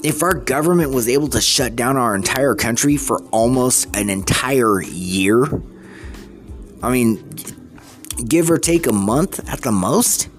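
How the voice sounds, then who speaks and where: Ranting vlog monologue, exasperated, rambling restarts, mid-pitched voice, faint music underneath. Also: animated, a little slow. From United States. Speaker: vlogger.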